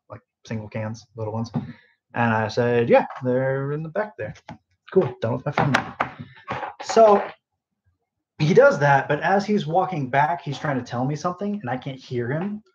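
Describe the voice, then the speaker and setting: A man's voice: mid-range voice, dull audio, slight background noise. Rambling sleepy young man on a phone. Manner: rambling, lots of fillers and asides. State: sleep deprived. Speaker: podcast host. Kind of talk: casual rambling storytelling. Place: bedroom, phone on end table.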